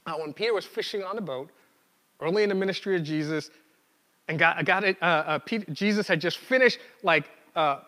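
Male preacher, high voice, chatty sermon delivery with restarts, in a reverberant hall. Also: sharp tone. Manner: conversational, acts out quotes, frequent fillers and restarts.

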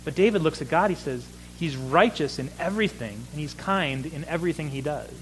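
A man's voice: on the high side, animated, a little fast, soft background music, poor audio. A man in his thirties preaching a sermon as pastor, earnest, building emphasis with repeated phrases.

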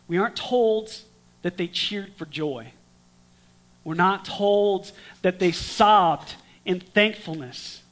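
Man, high voice, preacher, storytelling sermon, conversational, dramatic hushed moments. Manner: dramatic, swings from lively to hushed; conversational with restarts.

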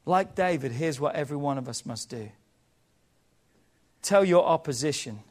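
A male pastor preaching a sermon in a high voice for a man. He builds to loud, emphatic peaks and then drops to hushed, low endings, calling on the congregation to answer him along the way. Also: lively intonation, moderate pace, long pauses. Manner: impassioned, calls for congregation response.

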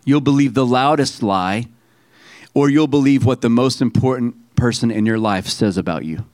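A man delivers a sermon, urging his congregation to repeat phrases back to him. He reads passages aloud slowly and with weight. His voice sits in a middle pitch and sounds dry and close to the mic. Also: darkish tone, no room sound. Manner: preaching with call-and-response to the congregation. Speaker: pastor.

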